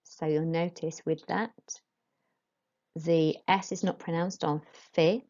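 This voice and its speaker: A woman teaching a school French lesson, modelling each phrase slowly and carefully for pupils to repeat. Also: sits low, fairly even intonation, darkish tone, highs cut off. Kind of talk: recorded classroom lesson.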